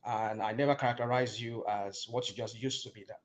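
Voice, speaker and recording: A man's voice: medium pitch, fairly even intonation, brisk, crowd noise. A man, arguing indignantly in a heated political debate and repeating words to break in. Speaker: caller in a political discussion.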